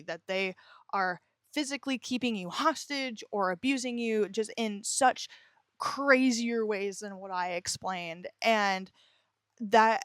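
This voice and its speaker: A young adult woman hosts a podcast and delivers a personal confessional monologue, speaking bluntly and emphatically about her own life and swearing often. Her medium-pitched voice is captured in a dry, clean studio recording.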